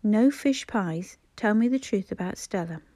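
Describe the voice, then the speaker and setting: A woman voicing an elderly mother after a stroke, who speaks slowly in short, broken phrases in a storybook reading. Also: medium pitch, animated, warm tone, dry recording. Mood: stern.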